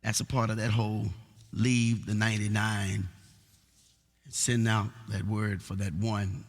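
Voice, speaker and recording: A male pastor preaching a sermon, repeating words as he builds, and rising into rhythmic sung shouts. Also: lowish voice, little pitch movement, measured pace. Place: church sanctuary. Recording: long reverb of a large church hall.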